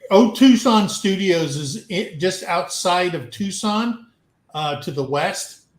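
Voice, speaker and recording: A man co-hosting a casual chat, with quick joking interjections. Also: sits high, lively intonation. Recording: echoey room.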